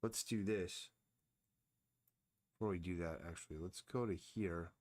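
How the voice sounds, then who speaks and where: Brief: low-pitched man, drawing on a live stream, slow and musing, talks to himself as he works. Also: a little mellow. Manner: slow, thinking aloud, mumbling to himself. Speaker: comic artist streaming his drawing. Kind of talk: casual live-stream narration while drawing.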